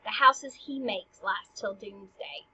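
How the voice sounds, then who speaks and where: A woman reading the lines of a loud, mocking male gravedigger clown in a booming, scornful recitation. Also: slow, slightly rough, full character voice, rough recording.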